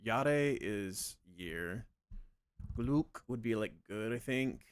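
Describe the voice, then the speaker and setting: A man's voice: lowish voice, expressive, drawn-out words, smooth, dry recording. A man chatting casually on a live stream while he plays, thinking aloud and rambling with plenty of fillers.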